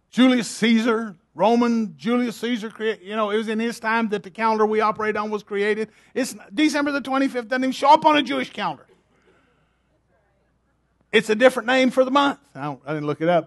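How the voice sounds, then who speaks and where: A man's voice: high-pitched, creaky. A man preaching a sermon, emphatic and repetitive, firing rhetorical questions at his congregation.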